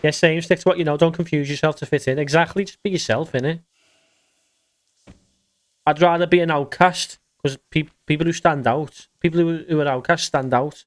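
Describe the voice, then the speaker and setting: A man livestreaming a game, with a slightly higher-pitched voice. He chats bluntly and casually, swearing freely and chuckling as he answers his viewers. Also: steady tone, moderate pace. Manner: blunt, swearing, reads chat aloud, chuckles often. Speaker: streamer. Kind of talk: casual livestream chat while gaming.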